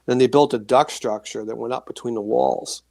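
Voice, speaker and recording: In a casual interview, an author tells relaxed, rambling anecdotes about the paranormal, restarting and using fillers often. His mid-range voice is gravelly and creaky, and his pace is moderate. The recording is close and dry, without room sound.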